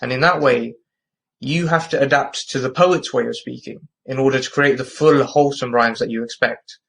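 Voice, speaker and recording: A man's voice: mid-range voice, steady tone, moderate pace, gravelly, poor audio. A man with a London accent explaining a topic in a patient, methodical lesson. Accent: London English. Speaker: English tutor.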